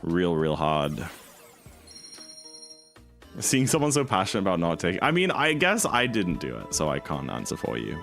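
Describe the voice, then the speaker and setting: Low gravelly British young man streaming. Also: normal speed, pauses often, soft background music. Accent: British English. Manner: chatty, rambling, with sudden excited outbursts. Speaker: speedrun streamer. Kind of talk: casual livestream chat.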